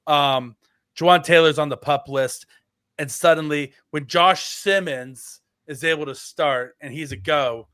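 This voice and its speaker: Rambling man with a smooth, dry voice. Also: on the high side, measured pace, sharp tone, no echo. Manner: rambling, filler-heavy, self-correcting. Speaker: podcast co-host. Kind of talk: casual sports podcast chat.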